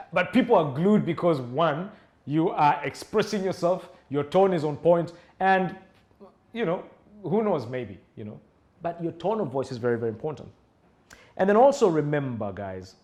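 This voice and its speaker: A man teaches public speaking, his voice sitting a little high and swinging widely in pitch. He talks animatedly and keeps acting out sample voices to make his points. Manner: animated, acts out example voices and tones. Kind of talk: lecture-style speaking class.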